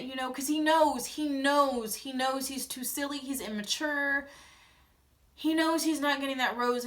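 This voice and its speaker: Bright-voiced young woman vlogger. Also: sits high. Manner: animated, blunt, retells scenes in quoted voices. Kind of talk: casual reality-TV recap.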